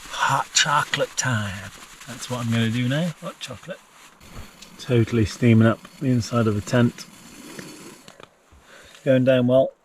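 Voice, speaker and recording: A man's voice: mid-range voice, unhurried, long pauses. A man camping in a tent in a forest, chatting casually to the camera and talking to his dog in a fond, sing-song voice. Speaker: vlogger. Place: inside a small tent in a forest. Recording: distant mic with clear background noise. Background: rain and outdoor noise.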